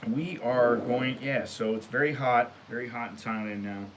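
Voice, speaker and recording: A middle-pitched American man talks straight to camera in a loose, rambling monologue, blunt and opinionated, and his voice climbs when he gets going. A faint hiss sits under the recording. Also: normal speed. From United States. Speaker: vlog host. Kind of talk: casual vlog monologue. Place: Thailand.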